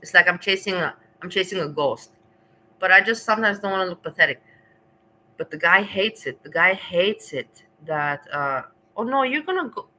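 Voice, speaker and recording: Chatty livestreaming woman, bright voice. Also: on the low side, moderate pace, slight background noise, poor audio. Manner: rambling, laughs often, talks back to chat. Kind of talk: casual livestream chat to viewers.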